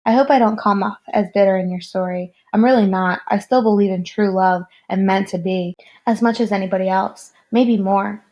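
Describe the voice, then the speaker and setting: A woman's voice: medium pitch, steady tone, moderate pace, warm tone, highs cut off, close to an everyday voice. A woman reading aloud the lines of an earnest, chatty young woman who drives.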